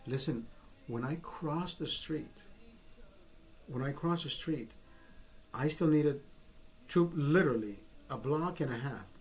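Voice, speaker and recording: A vlogger with a fairly high voice tells a personal story in a casual vlog, taking it slowly with long pauses. He rambles and swears freely, interrupting himself with frequent restarts.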